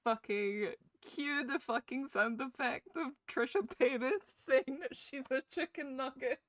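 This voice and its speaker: A woman's voice: high-pitched, unhurried, dry recording. A young woman streaming a game and chatting casually with her viewers, giggling and swearing freely while sounding ill with a cough.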